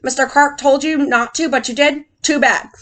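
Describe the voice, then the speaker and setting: Woman doing a brisk storybook policeman. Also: high voice, fairly even intonation, fairly bright tone. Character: helpful grown-up male policeman.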